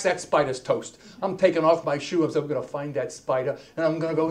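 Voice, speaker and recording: A man telling a comic story on stage as a keynote speaker, wisecracking and animated, dropping into hushed asides. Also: on the high side, brisk, few pauses. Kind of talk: stand-up comedy storytelling. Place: stage before a live audience.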